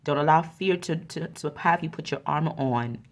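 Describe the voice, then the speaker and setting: A woman's voice: sits low, moderate pace. A woman giving an oracle card reading, speaking earnestly and encouragingly and often repeating her phrases. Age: adult with a young son.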